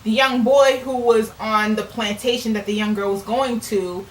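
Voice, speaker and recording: A woman's voice: a little high, fairly even intonation, normal speed. Earnest woman, echoey distant mic. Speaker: author and vlogger. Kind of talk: casual on-camera commentary. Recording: echoey room, distant mic, faint noise.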